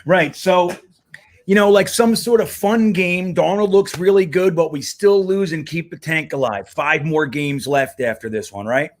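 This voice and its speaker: A man's voice: fairly high pitch, normal speed. A man hosting a casual livestream, talking loosely and rambling, swearing now and then. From United States. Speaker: host.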